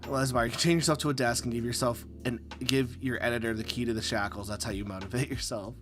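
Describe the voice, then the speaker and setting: A man hosting a live stream, chatting casually while he draws. He rambles and swears, with plenty of fillers, and acts out his own quoted lines as he tells a story. His pitch sits mid-range, with faint music playing behind him. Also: steady tone, fast. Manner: rambling and profane, with many fillers. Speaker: live-stream host and comic artist.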